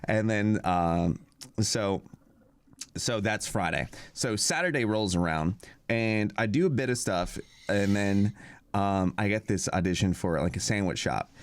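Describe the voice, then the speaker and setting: A man's voice: fairly low pitch, a little slow, smooth. A young man co-hosting a podcast, telling a long story in a casual, rambling way, full of fillers and acted-out quotes. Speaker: podcast co-host.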